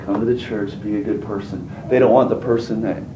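A man's voice: on the low side, fairly even intonation, fairly quick, roomy sound, far from the mic, noisy background. A man preaching a sermon in a folksy, colloquial manner, throwing rhetorical questions at his congregation. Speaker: pastor.

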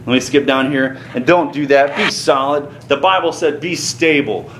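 A man's voice: medium pitch, normal speed. A man preaching a sermon as pastor, plain-spoken, folksy and earnest. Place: church sanctuary. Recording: roomy echo, faint ambient noise.

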